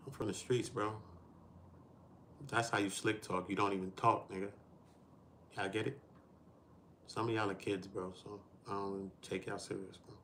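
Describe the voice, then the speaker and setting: Guy ranting on his live stream, low voice, street slang and cussing, lectures the chat, little bit of hiss behind him. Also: pushed and bright. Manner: street slang, profane, preachy, talks to the chat. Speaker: livestream host. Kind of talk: casual livestream rant.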